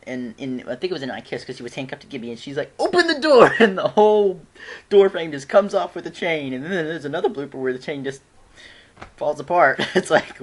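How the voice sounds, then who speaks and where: A fan reviewer chatting casually at home, rambling with frequent giggles and restarts. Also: medium pitch.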